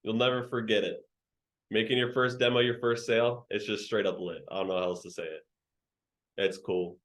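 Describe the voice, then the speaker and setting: A man's voice: mid-range voice, a bit bright. Slangy young man running a training call. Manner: slangy, joking, teasing the trainees. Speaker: sales trainer. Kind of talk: virtual training session.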